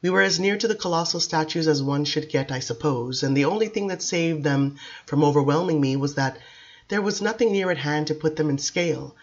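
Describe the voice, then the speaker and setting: A woman narrating a novel as an audiobook, in a measured, expressive reading. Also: deep voice, lo-fi sound. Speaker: audiobook reader.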